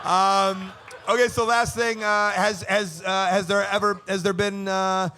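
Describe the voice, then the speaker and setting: 30s guy hosting a live podcast, high voice, giggly, easygoing, lots of ums. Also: level tone, a little slow, bright, forceful tone. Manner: easygoing, giggly, hesitant with fillers. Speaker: podcast host. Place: live show on a cruise ship.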